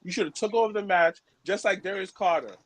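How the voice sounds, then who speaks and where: A man talking wrestling on a podcast, animated and profane, full of slang. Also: sits high, fairly quick, slight background noise. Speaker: podcast co-host. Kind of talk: casual chat.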